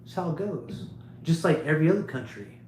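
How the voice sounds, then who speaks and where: A man's voice: a little high, big pitch swings, a little fast, a little mellow, slight background noise. Man ranting in an echoey room. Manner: preachy, emphatic, repetitive. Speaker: livestream host. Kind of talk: rambling monologue to viewers.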